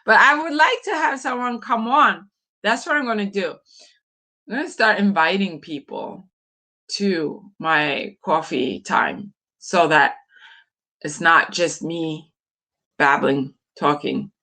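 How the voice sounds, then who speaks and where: Slow, chatty woman with a bright voice. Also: on the low side. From Norway. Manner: rambling, chatty, frequent fillers and laughs. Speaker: live-stream host. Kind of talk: casual live-stream chat.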